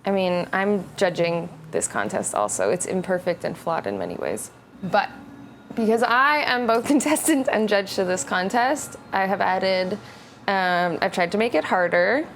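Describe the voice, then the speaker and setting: A woman's voice: mid-range voice, expressive, normal speed, slight background noise. A woman in her twenties chatting casually to camera as a vlogger, rambling and poking fun at herself. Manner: rambling, self-mocking. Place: home bakery tent.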